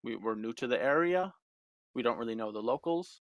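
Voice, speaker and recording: A man's voice: medium pitch, animated, a little fast, dry recording, natural voice. Guy doing a firm protective half-elf dad, everyday voice, dry room. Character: older half-elf father, protective traveller.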